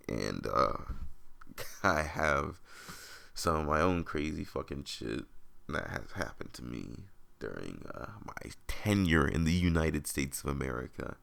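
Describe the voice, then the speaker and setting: Very deep, gravelly young man rambling. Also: fairly bright tone. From upstate New York. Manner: rambling, profane, full of fillers and restarts. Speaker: podcast host. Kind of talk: casual storytelling monologue.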